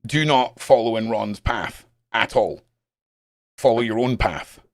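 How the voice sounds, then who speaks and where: A Scottish man hosting a live stream, chatting casually with his viewers in a blunt, animated way and swearing constantly. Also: medium pitch, a little slow, dry recording, studio quality. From Scotland. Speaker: live-stream host reading chat. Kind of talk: casual rambling chat.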